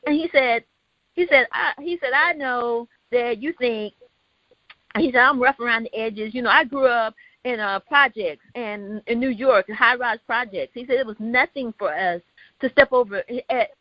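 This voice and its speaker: A woman with a high voice tells a story in a casual panel talk. She is animated and quotes the people she talks about. The sound is dry and a bit dull and lo-fi. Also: moderate pace, no echo. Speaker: host. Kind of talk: casual discussion.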